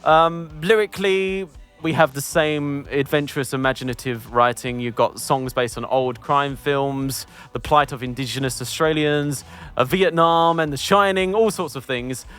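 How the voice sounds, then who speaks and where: A man's voice: a little high, moderate pace, fairly bright tone, smooth, soft background music. A man reviewing an album in casual group chat, enthusiastic and rambling, with many fillers.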